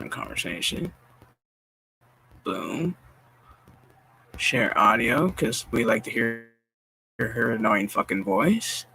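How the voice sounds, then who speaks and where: A man's voice: medium pitch, gravelly, sharp tone, husky. A man hosting a stream, ranting in casual, profanity-heavy commentary with a sarcastic, exasperated manner and frequent stammered restarts. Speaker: streamer host.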